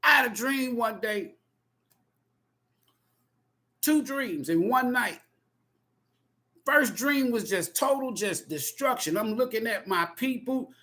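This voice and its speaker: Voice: medium pitch, animated, slow pace, long pauses, sharp tone. Profane, emphatic tarot reader ranting. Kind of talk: impassioned spoken monologue.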